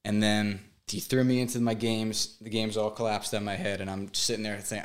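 A man in his twenties, a podcast guest, telling a painful personal story in a halting, emotional way, often repeating words. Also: fairly low pitch, flat delivery. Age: 20s.

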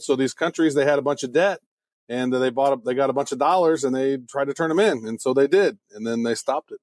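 A man's voice: mid-range voice, a little fast, darkish tone, no echo, studio quality. A male podcast co-host in casual chat, jokey and playful.

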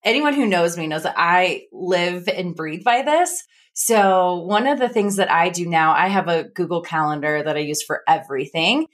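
A woman from the American Midwest hosting a podcast, chatting in an animated way and acting out her own quotes. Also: on the low side. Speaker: podcast host. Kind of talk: casual podcast chat.

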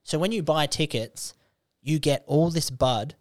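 Animated Australian man telling stories. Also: on the high side, no echo, studio quality. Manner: animated storyteller, swears freely, does quick character voices. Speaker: comedian guest. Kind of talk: casual podcast chat.

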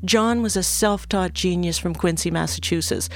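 Older woman telling a story slowly. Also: fairly low pitch. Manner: unhurried and reflective, with small restarts. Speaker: guest, former recording technician. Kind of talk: storytelling interview.

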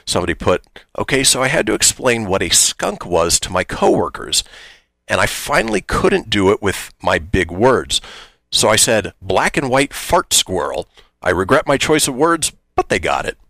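A man's voice: lowish voice, moderate pace, creaky, no room sound. A man hosting a casual morning radio show, reading listener posts aloud and joking about them. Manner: lively, reads listener posts aloud with jokes.

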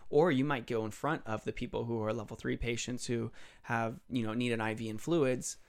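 A man's voice: medium pitch, fairly even intonation, brisk. A young man, an emergency tech, explaining hospital routines in a rambling, self-correcting podcast chat. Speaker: EMS trauma tech, podcast guest. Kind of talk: casual podcast conversation.

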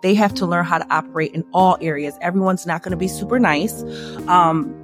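A woman guest on a podcast, telling her story in candid conversation and acting out quoted lines in a higher voice. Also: brisk, faint music behind. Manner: animated, acts out quoted dialogue in a higher voice.

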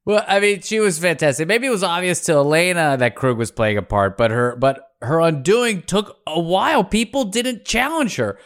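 A man's voice: on the high side, animated, moderate pace, few pauses, fairly bright tone, clear, resonant tone. A man hosting a podcast in a casual, playful way, laughing often and adding theatrical asides. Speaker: podcast host.

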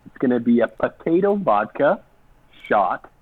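Man co-host, husky voice, lively pitch, jokey banter. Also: a little slow, narrow, tinny audio. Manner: joking, laughs often, animated. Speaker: podcast co-host. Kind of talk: casual banter.

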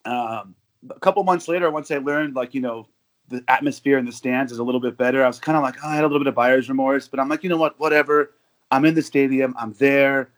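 A US man appears as a guest on a casual podcast, an overseas football supporter spinning long, rambling stories full of fillers and restarts. He talks fast at medium pitch with fairly even intonation.

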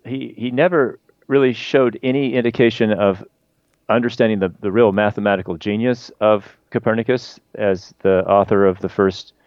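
Male guest expert, low voice, dry dull recording. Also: dry recording. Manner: animated with frequent restarts, quick bursts. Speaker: guest author and historian of science. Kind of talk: conversational explanation. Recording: dull lo-fi remote line.

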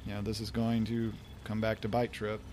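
A man's voice: on the low side, completely flat delivery, normal speed, a little mellow. Chatty male podcast host. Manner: rambling, chatty, laughs easily. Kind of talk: casual commentary chat.

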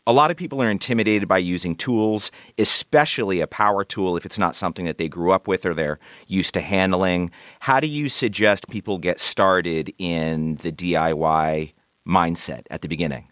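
A man hosting a public radio interview in a measured way, reading listener messages and asking questions. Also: deep voice, fairly bright tone, no echo, clean studio sound. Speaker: radio show host.

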